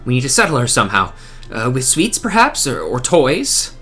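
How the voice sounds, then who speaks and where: A man's voice: medium pitch, huge pitch swings, moderate pace, sharp tone, breathy edge, soft background music, heavily acted. A man voicing an earnest young male scholar from a game who talks in formal, old-fashioned phrasing.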